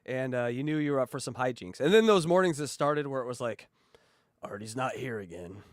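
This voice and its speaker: A man's voice: mid-range voice, fast, clear, resonant tone, no echo, studio quality. A man hosting a casual podcast chat, swearing freely and acting out radio voices. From West Coast of the US. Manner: profane, animated, mimics radio voices. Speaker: podcast host.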